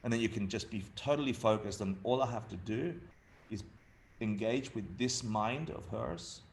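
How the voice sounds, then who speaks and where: A man in his fifties from Argentina, teaching dharma to a group in a chatty, laughing storyteller's way. His voice sits low with a gravelly edge. Faint background noise sits under the talk. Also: normal speed.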